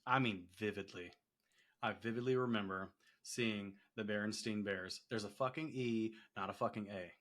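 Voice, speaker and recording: A man co-hosting a casual chat, relaxed and hesitant, swearing offhandedly. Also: on the low side, moderate pace. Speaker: co-host.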